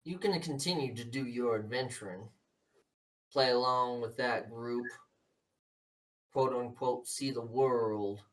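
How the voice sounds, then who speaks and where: A man voices a cold, scheming older politician father who lectures his son with quiet menace and talks down to him at every turn. The voice sits at an ordinary middle pitch and comes from a little distance off the microphone. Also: slow pace, pauses often, lightly acted. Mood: menacing.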